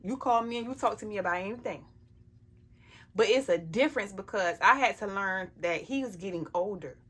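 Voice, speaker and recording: Fairly quick and a bit bright, her husky mid-range voice carries a casual personal vlog about being a parent. She offers life advice bluntly and emphatically to the camera, frequently asking "you know what I'm saying."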